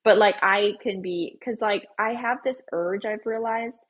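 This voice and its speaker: A young woman co-hosting a podcast, talking in a chatty, animated, over-explaining way. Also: mid-range voice, unhurried, slightly rough, highs cut off. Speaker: podcast co-host. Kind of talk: casual chat.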